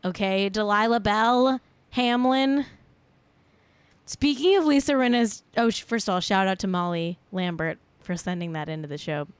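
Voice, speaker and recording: A woman's voice: medium pitch, moderate pace, clear, resonant tone, no echo. A woman co-hosting a casual podcast, chatting about celebrity gossip in a rambling way with plenty of filler words. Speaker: podcast co-host.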